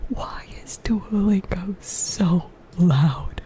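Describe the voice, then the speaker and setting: A young woman streamer keeps her voice down to a slow, airy whisper for her ASMR audience. She chats with her viewers in a giggly, self-mocking way. Her pitch sits in a middle range for a woman. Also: expressive, creaky. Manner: addresses chat directly. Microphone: earbuds with a streaming mic.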